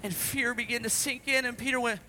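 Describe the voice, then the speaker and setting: A man preaching at a children's service, telling the story dramatically and shouting out acted quotes. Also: very high voice, fairly even intonation, a little fast, a little hiss or hum. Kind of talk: interactive children's sermon.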